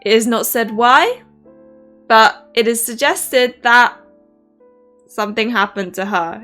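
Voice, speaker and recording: A woman casually reviewing a book in a rambling, animated way, full of fillers. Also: on the high side, takes it slowly, long pauses, faint music behind.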